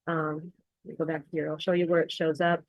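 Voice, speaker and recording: Female accent coach, low-pitched, dry close sound, explanatory screen-share walkthrough. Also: fairly quick, no room sound, rough recording. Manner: explanatory, steady, with frequent ums.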